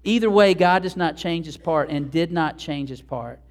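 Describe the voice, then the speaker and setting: A man preaching a sermon, conversational and animated, talking straight to the congregation. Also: fairly high pitch, moderate pace. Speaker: pastor.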